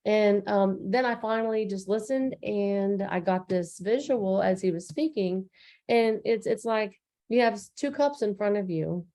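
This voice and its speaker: A woman co-hosts a relaxed recap conversation with a gravelly edge in her voice. Her tone is warm and mellow rather than bright. She speaks earnestly and loosely, with lots of fillers and restarts. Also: medium pitch, measured pace. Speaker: co-host. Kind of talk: casual recap chat.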